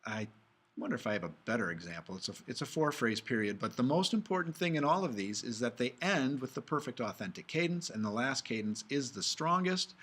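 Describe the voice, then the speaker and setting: A man giving a relaxed music theory lecture, talking his way through the slides and breaking into quick sung examples now and then. His voice sits at an ordinary middle pitch, and he keeps the tone informal, as if chatting with a class. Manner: casual, talks through slides, hums and sings examples. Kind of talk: recorded video lecture.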